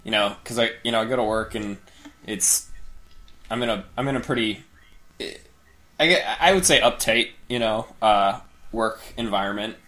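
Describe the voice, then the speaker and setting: A man's voice: lowish voice, fairly bright tone. Rambling casual male podcast host. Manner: rambling, halting, swears and laughs easily. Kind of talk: casual gaming podcast chat.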